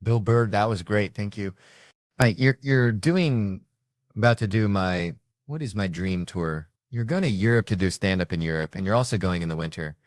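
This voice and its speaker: Low-voiced male host asking questions. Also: normal speed, no echo, studio quality. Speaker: interview host. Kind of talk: casual interview chat.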